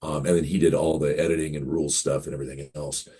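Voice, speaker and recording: A man's voice: very deep voice, flat delivery, fast, dark tone, slight background noise. A man in his fifties, a game publisher guest on an interview, rambling through anecdotes and acting out quoted dialogue. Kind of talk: casual interview storytelling.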